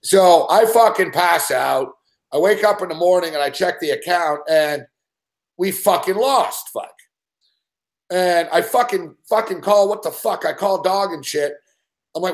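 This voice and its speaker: A man's voice: sits high, a little slow. A man hosting a show, telling a long profane story in an agitated, swearing rant. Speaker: show host.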